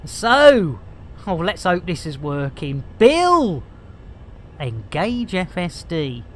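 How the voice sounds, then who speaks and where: A man's voice: high-pitched, wildly swooping pitch, slow, slight background noise. A man giving comic, theatrical commentary while streaming a game. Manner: jokey, theatrical, stand-up patter.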